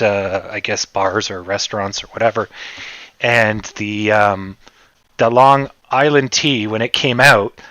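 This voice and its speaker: A man from Canada hosting a casual livestream, rambling in a relaxed way and answering his chat. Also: mid-range voice, no echo. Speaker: livestream host.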